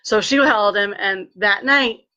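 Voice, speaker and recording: A woman telling a personal story in a lively way, acting out what people said and turning earnest when she speaks of faith. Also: mid-range voice, a little slow, muffled recording. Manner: animated, acts out quoted dialogue. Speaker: vlogger sharing a personal testimony.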